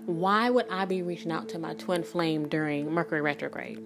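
Low-voiced blunt woman. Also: normal speed, creaky, soft background music. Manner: blunt, emphatic, swears freely; rambling, many restarts and "like". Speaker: spiritual reader and energy worker. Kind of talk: candid spiritual vlog talk.

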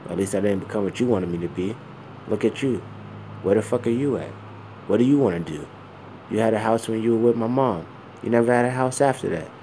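A man's voice: lowish voice, brisk, dark tone, a little hiss or hum. A man of around forty talking bluntly and with plenty of swearing in a rambling personal monologue, full of fillers and repeated asides.

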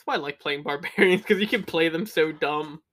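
A man's voice: fairly high pitch, a bit bright. A man co-hosting a podcast in casual chat, riffing jokes and swearing freely. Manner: profane, joking, quick riffing. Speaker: podcast co-host.

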